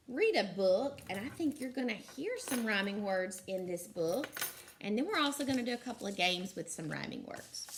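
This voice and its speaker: A woman teaches young children to read, sounding out each letter with slow, clear care. She praises often in a bright, lively tone. Her pace stays unhurried throughout. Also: mid-range voice, a little hiss or hum. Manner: encouraging. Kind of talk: recorded phonics lesson for young children.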